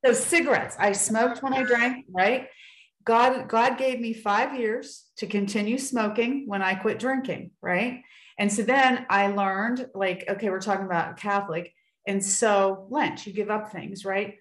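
A woman's voice: mid-range voice, fairly even intonation, measured pace, reverberant, low-quality recording. A woman sharing a personal faith story in casual talk on a video call, earnest and acting out what people said. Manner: earnest storytelling with acted-out quotes.

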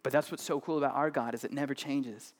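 A man's voice: medium pitch, steady tone, quick pace. A man preaching a sermon as pastor, talking to the congregation in a loose, conversational way, often adding "right?" and joking with them.

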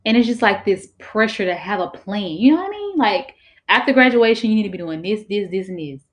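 A young woman in college chatting casually about faith, lively, laughing and filling with "like". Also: mid-range voice, fairly quick. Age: young adult. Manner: lively, laughing, filler-heavy, affirms often.

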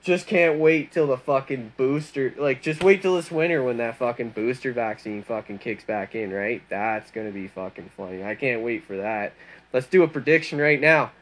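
A man's voice: medium pitch, normal speed. A man ranting in a rambling monologue, swearing constantly and mocking people with heavy sarcasm. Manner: rambling, animated storytelling. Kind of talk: profane monologue rant.

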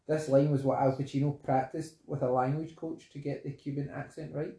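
A man's voice: on the high side, level tone, a little fast, dark tone. A man with a Scottish accent co-hosting a film podcast, reading trivia in a dry, provoking way. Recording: echoey room.

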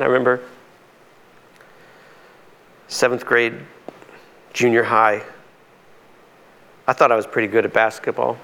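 A pastor preaching a sermon in a conversational, emphatic way, his voice climbing high on key points. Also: gravelly, a bit bright.

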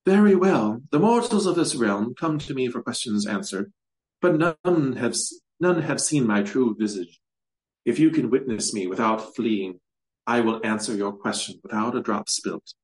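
A man reading aloud and voicing an ancient monstrous female swamp hag who speaks with slow, hushed, purring menace. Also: mid-range voice, expressive, lightly acted, poor audio. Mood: coy.

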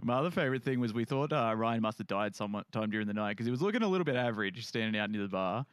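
A man's voice: lowish voice, expressive, very fast, clear, resonant tone, no echo. A man hosting a casual podcast, telling stories and laughing often. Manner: chatty storyteller, laughs often. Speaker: podcast host.

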